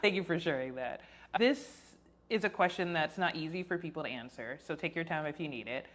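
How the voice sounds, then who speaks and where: A woman hosting a podcast interview, encouraging and quick to laugh. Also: sits low, animated. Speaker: podcast host.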